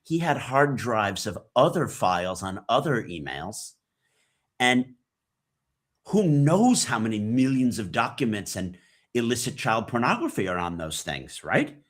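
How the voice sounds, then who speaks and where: A man's voice: medium pitch, very animated, unhurried. A man who hosts a podcast, giving emphatic interview commentary full of rhetorical questions. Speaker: podcast host as guest.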